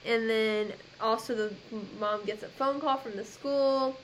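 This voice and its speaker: A woman with a raised pitch walks through a film's plot in order, moving along with "so then" and "like". Her talk is casual, with faint noise underneath. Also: fairly even intonation, unhurried, poor audio. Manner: narrates plot step by step with "so then" and "like". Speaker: podcast co-host. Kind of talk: casual movie recap chat.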